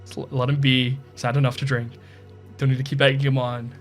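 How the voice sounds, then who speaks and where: A man voicing a calm blonde man who tries to smooth things over. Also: medium pitch, fairly quick, soft background music, lightly acted. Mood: placating.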